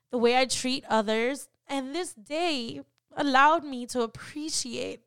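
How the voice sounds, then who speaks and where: A woman's voice: sits high, fairly bright tone, clean tone, no room sound, studio quality. A woman co-hosting a faith podcast, talking in an earnest, encouraging way with lots of "um" and "like". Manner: earnest, encouraging, many "um" and "like" fillers. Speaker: podcast co-host. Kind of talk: personal faith podcast talk.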